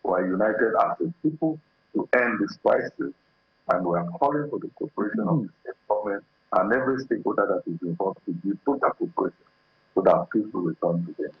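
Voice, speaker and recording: A man's voice: lowish voice, animated, fast, slightly rough, no echo, dull audio. A man with a Nigerian accent, a guest analyst on a TV panel, speaking emphatically with repeated phrases. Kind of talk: TV panel discussion.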